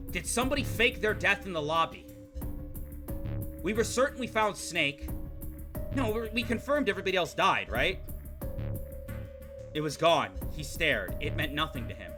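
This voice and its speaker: Young man, streamer, high lively voice, reading game text and ranting at chat. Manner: swings from low hushed reading to loud swearing rants at chat.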